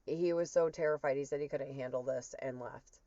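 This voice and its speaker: A woman's voice: rumbling low, steady tone, a little fast, dark tone, no echo. A woman earnestly retelling a personal spiritual experience as a testimony, with emotion in her storytelling. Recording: dull, muffled dry recording.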